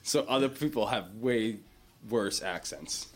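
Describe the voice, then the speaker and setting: Boston-accented male guest host, lowish voice, dry teasing banter. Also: a little slow. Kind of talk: casual chat.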